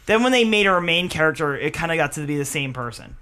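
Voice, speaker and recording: Woman, podcast co-host, casual chat, animated, crude, lively pitch. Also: quick pace. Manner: crude, animated, laughing often.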